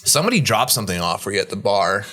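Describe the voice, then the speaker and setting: A man in casual storytelling mode on a podcast, a working bartender recounting events with lots of swagger. His pitch swings widely, leaping up when he imitates others and dropping low for asides. Swearing comes loose and easy, with plenty of filler words. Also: very fast. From Midwest United States. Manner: animated, quotes people in raised voices, swears casually. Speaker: bartender guest.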